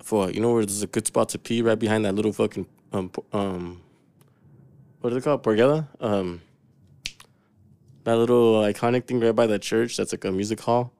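A man's voice: on the low side, steady tone, a little fast, darkish tone, no room sound. Laid-back slangy man telling stories. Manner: laid-back slangy storytelling, swears a lot. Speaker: podcast co-host. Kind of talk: casual chat.

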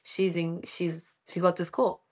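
A woman's voice: fairly low pitch, little pitch movement, measured pace, a little mellow. A woman from Ecuador, a native Spanish speaker with a Spanish accent, chatting as an interview guest and laughing often as she tells family stories. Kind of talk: casual interview.

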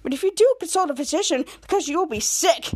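A woman's voice: very high voice, animated, fast talker, a little mellow. A woman putting on a cocky, vain male holiday demon. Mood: taunting. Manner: smug, taunting, show-off delivery.

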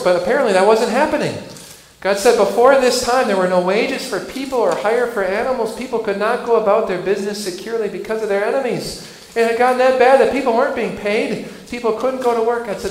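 A man preaching a sermon, earnest, rising loud and dropping soft for emphasis. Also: sits high. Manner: earnest, builds and drops volume for emphasis. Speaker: pastor. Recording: echoey hall with faint noise.

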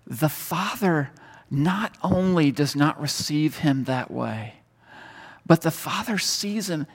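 A man preaching a sermon, telling a story and moving between loud emphasis and hushed tones. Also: a little high, animated, takes it slowly, husky. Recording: long hall reverb.

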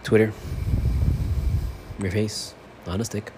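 A man hosts his own sports fan podcast, delivering a fired-up, profane monologue. His voice is lowish and slow with fairly even intonation, and there's faint background noise.

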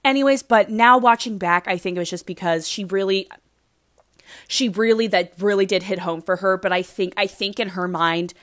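A woman's voice: medium pitch, normal speed, fairly bright tone, no room sound, studio quality. A woman chatting casually as she recaps a reality show, rambling and gushing, with lots of "like" in her speech. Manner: gushing, rambling, heavy use of "like".

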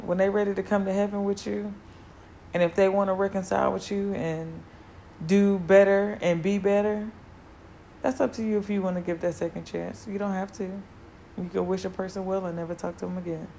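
A woman's voice: mid-range voice, steady tone, brisk, vocal fry, mellow, slight background noise. A woman hosting her own podcast, talking casually and earnestly, repeating key words to encourage her listeners. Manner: loose and conversational with filler words. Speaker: podcast host. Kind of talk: casual solo podcast talk.

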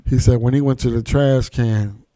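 Podcast host, male, dark mellow tone, dry close sound, animated streetwise storyteller. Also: medium pitch, moderate pace, no echo. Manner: streetwise, profane, animated storytelling, acting out quoted voices. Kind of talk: casual conversation, storytelling.

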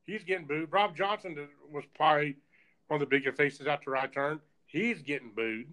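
Male guest, rambling, filler-heavy recollection, slightly high voice. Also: a little fast, sharp tone, low-quality recording. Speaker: podcast guest, former wrestler. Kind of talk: casual conversation, recalling matches.

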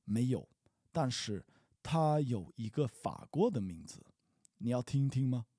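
A man's voice: mid-range voice, big pitch swings, measured pace, dark tone, slightly rough, no room sound, clean studio sound, heavily acted. A man reading the part of a boastful, secretive young man in a practice dialogue, teasing and evasive.

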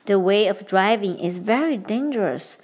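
A young woman hosting a podcast lesson, explaining Chinese patterns clearly and switching between English and Mandarin. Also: mid-range voice, lively intonation, moderate pace, darkish tone. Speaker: podcast host and Chinese teacher. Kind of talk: bilingual language lesson.

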